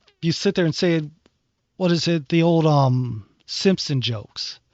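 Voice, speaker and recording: Higher-pitched guy rambling on a podcast, dry muffled audio. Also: a little slow, no room sound. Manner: rambling, animated retelling with acted quotes. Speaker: podcast co-host. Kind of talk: casual chat. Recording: dry, dull lo-fi sound.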